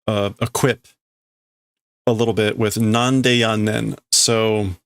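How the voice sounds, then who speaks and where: A man's voice: on the low side, creaky, no echo. A man on a casual live stream, translating a manga aloud as he goes, hesitant and correcting himself as he works things out. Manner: hesitant, thinks aloud with restarts and self-corrections. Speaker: livestreamer.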